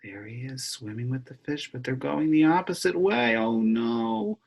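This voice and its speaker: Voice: mid-range voice, sing-song, moderate pace, gravelly, breathy edge. An elementary music teacher reading a picture book aloud in an online lesson and chanting a clapped rhythm.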